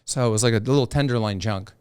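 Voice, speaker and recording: A man's smooth, clear voice sits at a middle pitch, recorded close and dry. He tells fishing stories casually and with energy. He slips into little voices for the people he quotes. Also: quick pace, dry recording. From South Florida. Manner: animated storyteller who acts out quoted voices. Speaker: professional angler and TV host, podcast guest. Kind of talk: casual storytelling.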